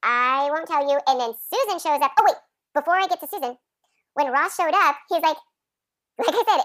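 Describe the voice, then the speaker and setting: Woman co-host, high-pitched, dry close sound, chatty, laughs a lot, acts out quotes. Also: lively intonation, fairly quick, a bit bright, no room sound. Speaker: podcast co-host. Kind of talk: casual chat recapping a sitcom episode.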